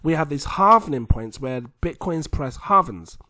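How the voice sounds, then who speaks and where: A man hosting a video, talking viewers through charts in a chatty, animated way. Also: a little high, measured pace, no room sound. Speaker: crypto video host. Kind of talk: casual chart commentary to viewers.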